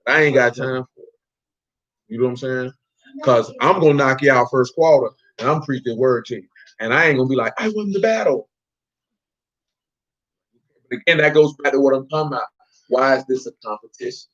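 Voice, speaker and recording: A man's voice: medium pitch, steady tone, fast talker, a bit bright, highs cut off. A man teaching an informal Bible study, talking in slang and quizzing listeners by name. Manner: slangy, street-talk preaching.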